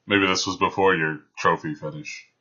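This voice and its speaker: A man's voice: sits low, fairly even intonation, moderate pace, bright, forceful tone. A man narrating as game master of a tabletop game, with dry, teasing remarks. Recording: dull lo-fi sound.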